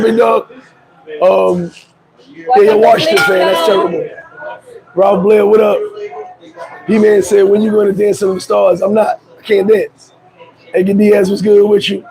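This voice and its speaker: A hoarse man hosting a casual live chat, laid-back, shouting out viewers by name. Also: high-pitched, level tone, moderate pace, pauses often, a crowd in the background, low-quality recording. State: hoarse, voice worn out. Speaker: livestream host.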